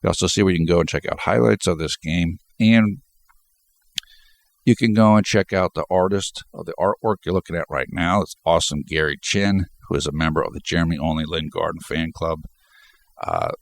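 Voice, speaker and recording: A man's voice: low voice, creaky. A man hosting a basketball fan channel, talking emphatically through a stuffed-up nose and repeating words as he builds his points. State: congested, stuffed up. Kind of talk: sports commentary vlog.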